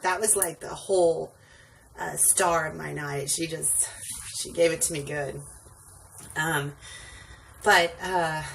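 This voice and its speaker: This woman's lowish voice is creaky yet fairly bright. She drives rideshare and, worn out late at night, rambles through a vlog story full of ums and asides while sitting on a wobbly stool indoors at home, captured by a distant mic with faint background noise.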